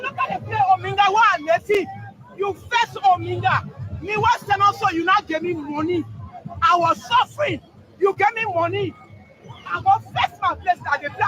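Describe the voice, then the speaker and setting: A woman with a Liberian English accent interviewed on the street, speaking in an earnest, motherly, pleading way. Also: very high-pitched. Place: outdoors on a busy street. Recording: outdoor crowd and traffic noise.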